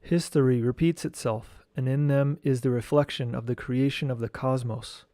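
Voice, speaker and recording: A man teaching esoteric studies reads a lecture text aloud slowly and deliberately, also chanting mantra syllables. His mid-range voice has a dark tone and fairly even intonation. There is no echo.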